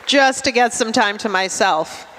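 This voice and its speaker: Deadpan Russian-born woman comedian. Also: a little high, measured pace, some chatter behind, a little hiss or hum. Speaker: stand-up comedian. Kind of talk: stand-up comedy set. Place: large theatre stage. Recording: live theatre hall reverb.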